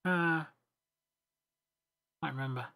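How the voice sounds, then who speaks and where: A man's voice: a little high, slow, vocal fry, bright, forceful tone. A man on a gaming voice chat, telling a long joke casually and rambling, with restarts and self-corrections. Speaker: gamer on a team voice chat.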